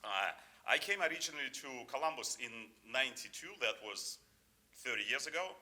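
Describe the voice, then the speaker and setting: A man's voice: medium pitch, animated, brisk, bright, forceful tone. A man in his fifties with a non-native English accent, giving an informal award acceptance speech full of fillers and restarts. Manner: hesitant, many fillers and restarts, jokey.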